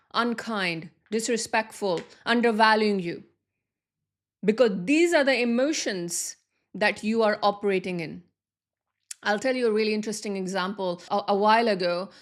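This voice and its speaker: A woman giving a motivational talk as a manifestation coach, earnest and repeating key phrases for emphasis. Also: mid-range voice.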